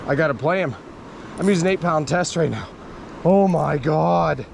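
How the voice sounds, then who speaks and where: Gravelly man exclaiming at a river. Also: a little high, normal speed, darkish tone, slight background noise. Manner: exclaims over and over. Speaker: fishing vlogger. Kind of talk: excited outdoor fishing commentary. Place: outdoors by a river.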